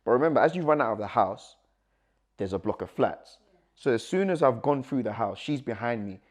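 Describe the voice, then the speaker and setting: A young man telling a personal story as a guest, animated and acting out the dialogue, with nervous laughs. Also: medium pitch, a little fast.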